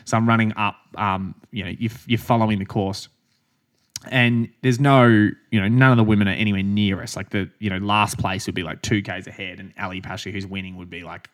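A man's voice: on the low side, steady tone, a little fast. An Australian man co-hosting a running podcast, telling stories in casual chat, swearing freely and laughing as he goes. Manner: chatty storytelling, swears freely, laughs as he talks. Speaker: podcast co-host, runner.

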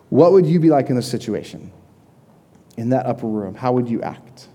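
Young male pastor, relaxed warm tone, chatty sermon with vivid retelling. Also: medium pitch, a little fast. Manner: conversational, vivid storytelling with frequent "like".

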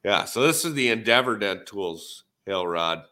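A man's voice: on the low side, animated, normal speed, sharp tone, slight background noise. A man with a Minnesotan accent, rambling easily in a casual podcast chat with lots of fillers. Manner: rambling, easygoing, many fillers. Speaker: podcast co-host, dent repair tech.

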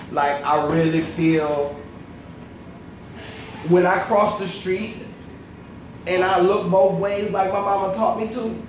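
High-voiced young stand-up man, echoey club. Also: a little hiss or hum. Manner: loose and laughing, shouting out quoted lines. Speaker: stand-up comedian. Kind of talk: live stand-up set. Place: comedy club stage. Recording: echoey club miked from a distance.

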